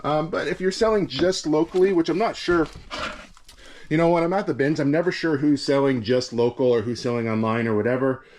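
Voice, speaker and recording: A man's voice: on the high side, fairly quick, darkish tone. Chill canadian guy talking resale stuff out in his shed, kinda rambly, lots of ums. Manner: easygoing, rambling, frequent fillers. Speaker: reseller vlogger. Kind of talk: casual vlog chat. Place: cold backyard shed with heater.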